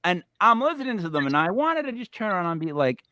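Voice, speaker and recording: Animated podcast host, lively pitch. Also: male voice, fast talker, no echo. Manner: animated, swears when ranting. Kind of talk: casual sports podcast chat.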